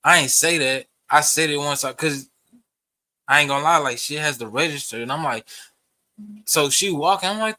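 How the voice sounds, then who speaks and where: A man's voice: fairly high pitch, moderate pace, bright, forceful tone, no room sound. A young man, ranting profanely to camera in a heated, rambling way. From Texas. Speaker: vlogger. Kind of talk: casual rant to camera.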